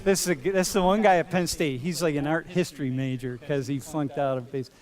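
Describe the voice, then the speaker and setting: A man's voice: on the high side, fast talker, a little mellow. A man teaching a university class in a large lecture hall, talking casually and playfully, calling students dude and bro. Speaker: university professor.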